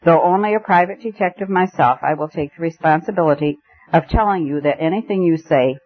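A man's voice: a little high, brisk, no echo, close to an everyday voice. A man reading voices a stern, self-important private detective in a story, speaking with authority. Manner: authoritative, pompous. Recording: tinny phone-like band.

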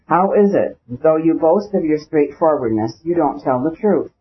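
A man's voice: fairly high pitch, lively intonation, normal speed, slightly rough. A man voicing a bitter, jealous noblewoman. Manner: pleading, bitter and accusing. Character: proud, jealous young noblewoman, anguished. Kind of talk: audiobook reading. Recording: dull lo-fi recording.

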